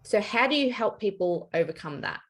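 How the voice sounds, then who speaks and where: A woman podcast host asking thoughtful questions and warmly affirming her guest's points. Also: medium pitch, very animated, fairly quick. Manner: affirming, thoughtful, frequent agreeing. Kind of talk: interview conversation.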